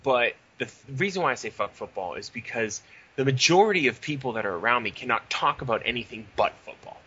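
A young man hosting a casual podcast, telling profane, animated stories with quoted dialogue. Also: mid-range voice, quick pace, breathy edge, muffled recording. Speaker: podcast host.

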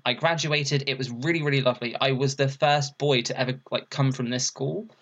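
A young man in an interview, telling a story in a lively way, laughing often and raising his voice to act out what people said. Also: medium pitch, a little fast. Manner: animated, laughs often, acts out quotes in a raised voice. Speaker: interview guest, burlesque performer.

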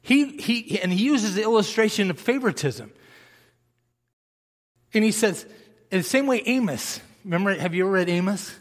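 Male preacher, high-pitched voice, fired-up and emphatic, long hall echo. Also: lively intonation, normal speed, long pauses. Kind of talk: sermon.

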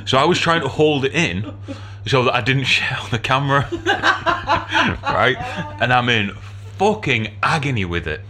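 A man's voice: medium pitch, lively intonation, moderate pace. A man telling a story in casual podcast chat, swearing and laughing as he goes. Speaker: podcast co-host.

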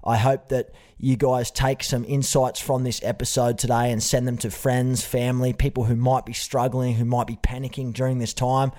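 An Australian man hosting a podcast in a friendly, matey way. His voice sits at a middle pitch, and he talks the way one talks to a mate in a casual interview. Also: little pitch movement, moderate pace, few pauses, mellow. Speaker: podcast host.

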